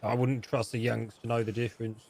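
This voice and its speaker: A man's voice: mid-range voice, flat delivery, brisk, creaky, a little mellow. A man with a British accent, chatting in character with dry, offhand remarks. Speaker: gang member in roleplay. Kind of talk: in-character roleplay chat.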